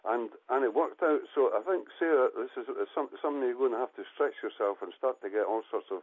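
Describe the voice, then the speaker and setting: A man's voice: mid-range voice, fast talker, husky, dry recording. Older man rambling down a phone line. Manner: rambling, many repeated words. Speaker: author guest. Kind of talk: casual radio chat.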